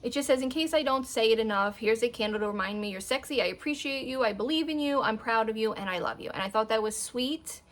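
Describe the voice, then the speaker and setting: A woman's voice: a little high, fast talker, few pauses. A woman in her thirties chatting casually to camera in a home vlog, rambling between topics and breaking off to talk to her dogs. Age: 30s. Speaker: beauty vlogger. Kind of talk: casual chat.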